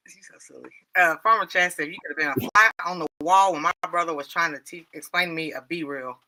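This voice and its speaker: A woman's voice: deep voice, fast talker, pushed and bright, low-quality recording. A woman hosting a livestream in casual chat, frank and laughing often. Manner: laughs a lot, frank and joking. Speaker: livestream host.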